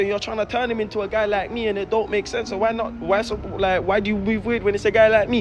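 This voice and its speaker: A man's voice: sits high, flat delivery, fast, few pauses, soft background music. A bubbly man, ranting casually in slangy street talk. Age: 30s. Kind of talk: casual vlog rant.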